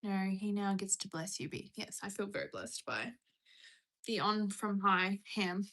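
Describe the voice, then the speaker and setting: A woman's voice: mid-range voice, unhurried, a bit bright. Chatty Australian woman live-streaming. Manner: chatty, reads viewer questions aloud and rambles through answers. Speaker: live streamer answering chat. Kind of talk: casual live-stream chat.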